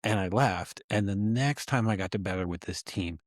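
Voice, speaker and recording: Male podcast co-host, ex-medic, lowish voice, easygoing storyteller. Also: moderate pace, dry recording, studio quality.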